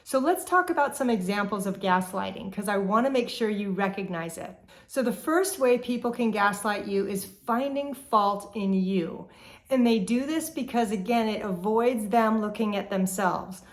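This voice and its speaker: Woman host, mid-pitched, calm explainer talking straight to camera. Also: moderate pace. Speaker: relationship therapist host. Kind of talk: educational talk to camera.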